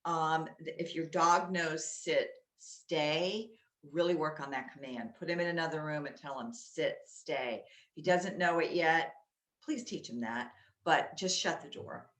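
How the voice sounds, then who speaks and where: A woman talking casually and loudly about dog games, with many fillers, recorded in an echoey room at home. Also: sits low, unhurried. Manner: loud, chatty, with many fillers. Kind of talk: casual how-to talk. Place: inside a home.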